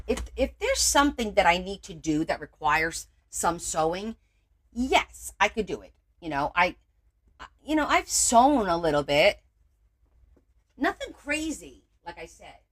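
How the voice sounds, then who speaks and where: A woman's voice: mid-range voice, sing-song, unhurried, pauses often. A middle-aged woman hosting a casual crafting livestream, chatting and teasing viewers as she works and greeting them by name.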